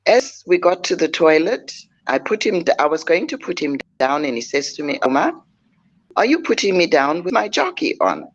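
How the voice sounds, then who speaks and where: An older woman, a guest telling a personal story in a measured, heartfelt way with frequent pauses. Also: on the low side, big pitch swings, lo-fi sound. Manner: measured, heartfelt, pausing often.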